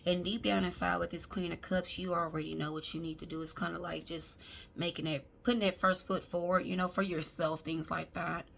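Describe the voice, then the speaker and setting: A woman's voice: lowish voice, little pitch movement, brisk, creaky, fairly bright tone. A woman gives a chatty, emphatic tarot reading and talks straight to her viewers as y'all. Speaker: tarot reader. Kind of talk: casual tarot reading to camera. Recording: faint background noise.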